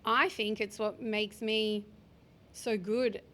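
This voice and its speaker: A woman in her forties talks as a podcast guest, candid and heartfelt, sometimes slowing down to choose her words. She has a mid-range voice, and faint noise sits under her speech. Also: mid-range voice, steady tone, sharp tone. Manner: open, heartfelt, speaks slowly in places, occasional swearing. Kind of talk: candid interview conversation.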